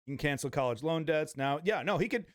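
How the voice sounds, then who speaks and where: Guy streaming politics, high voice, swearing a lot, fired up and repeating himself. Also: animated, fast. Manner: angry, profane, repetitive. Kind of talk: live-stream rant.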